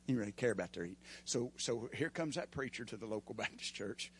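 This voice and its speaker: A man preaching a sermon in a folksy way, rising to loud emphatic passages and dropping to quiet asides. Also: medium pitch, lively intonation, quick pace, few pauses, a little hiss or hum. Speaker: pastor.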